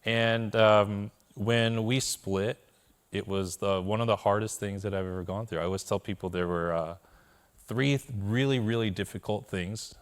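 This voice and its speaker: A man's voice: lowish voice, fairly even intonation, moderate pace, clear, resonant tone. A man telling his personal story to a live audience in a keynote talk, with candid, self-deprecating humor, often checking in with the listeners. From Korea. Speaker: conference speaker.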